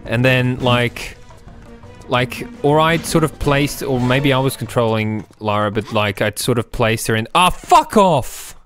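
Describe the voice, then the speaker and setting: A man with an Irish accent chatting casually while playing a retro game, cursing and shouting at it. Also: mid-range voice, unhurried, clear, resonant tone, faint music behind. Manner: sweary, excitable outbursts while playing. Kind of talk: casual gaming chat.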